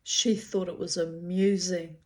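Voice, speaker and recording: A woman's voice: fairly low pitch, little pitch movement, a little slow. An older Australian woman reading aloud from her old diary with candid, chatty asides and frequent swearing.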